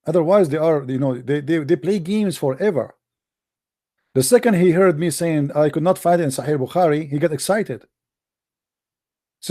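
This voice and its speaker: A man's voice: fairly high pitch, a little fast, dark tone. Combative male host. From Middle East. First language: Arabic. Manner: combative, mocking, blunt insults. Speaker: live-stream host. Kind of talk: heated live-stream debate.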